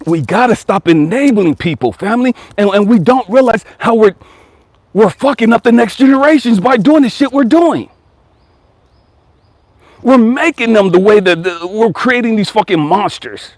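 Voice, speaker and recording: A man's voice: high voice, expressive, normal speed, no room sound. A man in his forties giving a blunt, profane motivational talk as a life coach and channel host. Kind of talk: casual motivational monologue.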